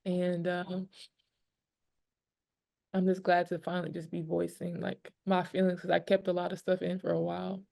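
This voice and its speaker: Low gravelly woman, candid and emotional. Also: level tone, moderate pace, long pauses, a little mellow. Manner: candid, rambling with many fillers. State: emotional, near tears. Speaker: pro basketball player. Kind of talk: press conference answers.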